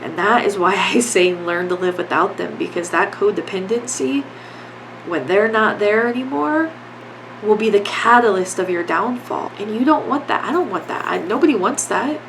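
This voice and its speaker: A woman's voice: medium pitch, moderate pace, creaky, a bit bright, a little hiss or hum, low-quality recording. Earnest woman podcaster, blunt and casual. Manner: blunt, earnest, repetitive urging; casual, with some swearing. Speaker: podcast host. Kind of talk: solo podcast talk on grief.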